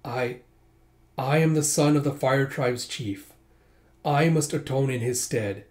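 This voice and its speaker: A man's voice: mid-range voice, measured pace, darkish tone, lightly acted. A man voicing a solemn, dutiful young nobleman who speaks formally, in a storybook reading.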